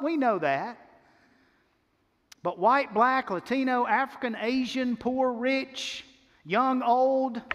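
High-voiced pastor preaching in a hall. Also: male voice, fairly bright tone. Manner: emphatic preaching with repeated phrases and slowed key words. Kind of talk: sermon. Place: church sanctuary. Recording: long reverb of a church hall.

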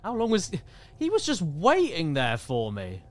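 A young man giving joking, excitable live commentary while playing a video game, swearing often. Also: a little high, a little slow. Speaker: streamer.

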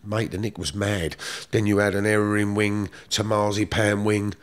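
A man's voice: on the low side, level tone, normal speed, clean tone. Blunt London man telling stories. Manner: blunt, swearing, streetwise slang. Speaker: guest. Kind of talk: casual storytelling.

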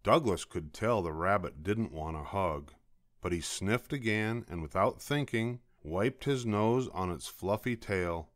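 An older man reading a children's picture book aloud as a bedtime story, slow and expressive. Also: sits low, dry recording, clean studio sound.

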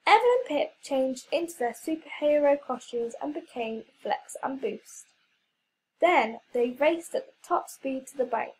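A woman reading a children's story aloud, clear and expressive. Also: high-pitched, a little slow, low-quality recording.

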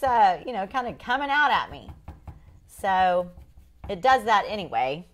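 A woman's voice: medium pitch, lively intonation, moderate pace. Chatty woman on a live stream. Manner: chatty, folksy, addresses viewers as y'all. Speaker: furniture painter hosting a live stream. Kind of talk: casual live demonstration chat.

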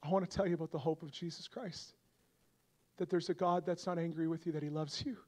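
A young adult man preaching a revival sermon, moving from quiet storytelling to loud, impassioned appeals. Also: fairly even intonation, fast. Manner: builds from soft storytelling to loud, high-pitched fervor.

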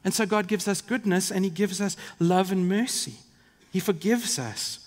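Speaking at a moderate pace in a high voice, this man from South Africa preaches a sermon with earnest vividness, pausing for asides to his congregation. He is a pastor in a large church, and the hall's long reverb fills the recording.

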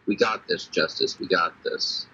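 A low-voiced man with a husky, tense edge, trading crude, sarcastic jabs during casual game chat. He swears freely and teases his partner. The sound is a dull, lo-fi mic recording. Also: unhurried, sharp tone. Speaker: guest player.

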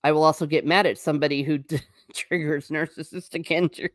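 A woman's voice: deep voice, steady tone, quick pace, dry recording, studio quality. A woman hosting a casual livestream, talking through a topic and answering viewer comments, sometimes slipping into a stern teacher tone. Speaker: livestream host.

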